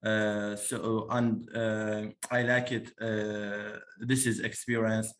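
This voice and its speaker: A young man from Iraq, a native Arabic speaker, hosting an interview in halting English with many pauses and restarts. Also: fairly low pitch, level tone, fairly bright tone. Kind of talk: casual interview in learner English.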